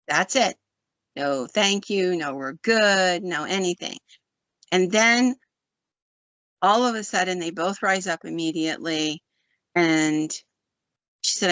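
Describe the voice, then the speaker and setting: A woman with a fairly low voice tells a paranormal story in a chatty, loose way as a podcast host. The sound is dry and a bit dull, like a home setup with no room echo. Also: a little slow, a bit bright. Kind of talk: casual storytelling.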